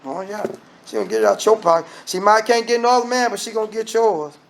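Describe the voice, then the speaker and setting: Gravelly-voiced preacher. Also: male voice, high voice, fast talker. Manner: animated, rhetorical questions, acts out voices. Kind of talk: lively sermon.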